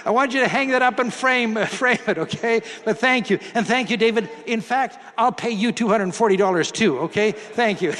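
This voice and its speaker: A man with a very high voice preaches to a congregation, chatting with volunteers in a folksy way, then driving his points home with loud emphasis. His voice rings with a long hall reverb. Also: moderate pace, hardly any pauses, slight background noise. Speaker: pastor. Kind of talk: sermon with audience participation.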